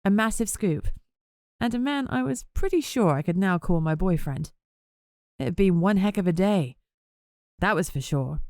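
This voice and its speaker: Low-voiced woman narrating a novel. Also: expressive, normal speed, long pauses, a little mellow, no echo, studio quality. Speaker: audiobook narrator. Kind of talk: first-person novel narration.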